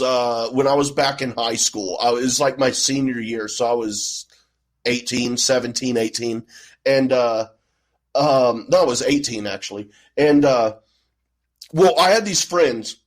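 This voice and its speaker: A man from the American Midwest, telling an anecdote on a podcast in a relaxed, rambling way. He swears often and drifts through many fillers. His voice sits at an ordinary middle pitch. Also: rough recording. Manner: laid-back, profane storytelling. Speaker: podcast co-host. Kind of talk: casual chat.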